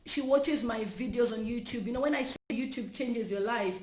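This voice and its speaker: Woman host from Zambia, upbeat and giggly, higher voice, echoey room with faint hiss. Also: normal speed, a little mellow. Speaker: YouTuber host. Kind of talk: casual vlog chat.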